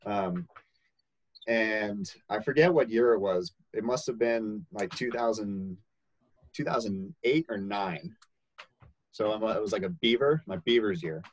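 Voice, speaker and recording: A man's voice: lowish voice, a little slow, rough recording. Laid-back young man telling a story. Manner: animated, laughing, acts out quoted voices. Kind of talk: casual storytelling.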